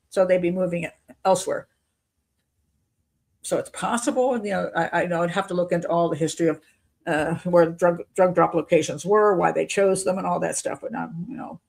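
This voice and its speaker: A woman's voice: fairly low pitch, gravelly. Chatty, skeptical woman thinking aloud. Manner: thinks aloud, restarts sentences, chuckles often; skeptical, questioning. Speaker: criminal profiler hosting a live show. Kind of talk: live-stream commentary answering chat.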